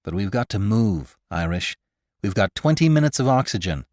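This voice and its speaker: A man plays a slight, nervous space photographer in a dry, close audiobook reading. His jittery, excitable lines jump all over in pitch, quick to alarm and quick to cheer. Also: no room sound. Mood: earnest.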